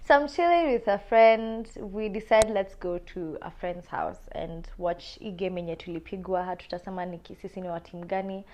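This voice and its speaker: A young woman with a Kenyan accent telling a personal story on a podcast, animated and casual, mixing in Swahili slang. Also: medium pitch, normal speed, hardly any pauses. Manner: animated, switches between English and Swahili slang.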